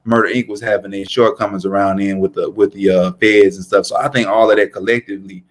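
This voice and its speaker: A man co-hosting a podcast, talking in a relaxed, rambling way full of "like" and restarts. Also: fairly low pitch. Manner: relaxed, drawn-out storytelling with frequent "like". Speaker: podcast co-host. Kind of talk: casual chat.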